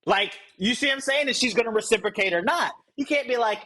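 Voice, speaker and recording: Male coach, high husky voice; loose joking delivery to a live group, animated. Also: fast, poor audio. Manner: rambling, joking, chuckles often; animated, rises high when mocking. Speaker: sales coach leading a training program.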